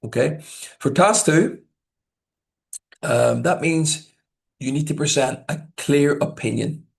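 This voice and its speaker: Slow, gravelly-voiced male examiner. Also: a little high. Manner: deliberate, checks in with frequent "okay?"; demonstrates stress and intonation with example sentences. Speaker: IELTS examiner giving tips. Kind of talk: teaching talk to learners.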